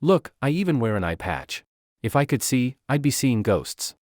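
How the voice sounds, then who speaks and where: A man's voice: mid-range voice, big pitch swings, moderate pace, darkish tone, no echo, clean studio sound, lightly acted. A man voicing a sly young lord who pretends to be blind, pleading in a wheedling, mock-pitiful way.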